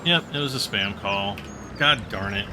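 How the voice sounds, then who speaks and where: A man hosting a farming game video, chatting casually and thinking out loud as he plays. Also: lowish voice, unhurried, very noisy. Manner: chatty, thinking aloud while playing. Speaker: gaming channel host. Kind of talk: casual gameplay commentary.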